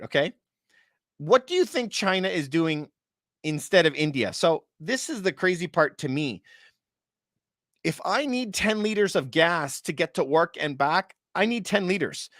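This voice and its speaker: A real estate and market commentator talks through the economy in a casual monologue, his voice a little high and a bit bright. He's chatty, calls his viewers "you guys," poses rhetorical questions, and gives a short laugh at the parts he finds absurd. The studio-quality recording has no room sound.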